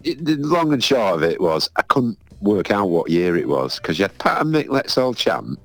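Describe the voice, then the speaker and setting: A man's voice: fairly low pitch, sing-song, normal speed, no room sound. A man, telling rambling, self-mocking stories in a casual chat as podcast co-host.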